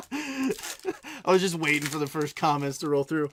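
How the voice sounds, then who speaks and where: A man's voice: fairly high pitch, animated, a little slow, a bit bright, a little hiss or hum. A man hosting a card break, chatting casually and reading out each card as he goes, with playful self-mocking asides. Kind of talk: casual live card-opening commentary.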